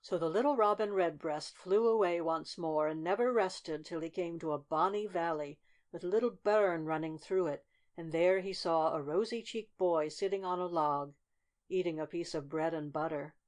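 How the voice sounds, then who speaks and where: Woman, lower voice, audiobook narrator, steady, measured, fairy tale reading.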